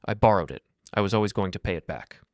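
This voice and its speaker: A man's voice: on the low side, quick pace, no echo, clean studio sound, natural voice. A man voicing a pleading grown son. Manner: defensive, begging. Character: frightened, pleading grown son caught stealing.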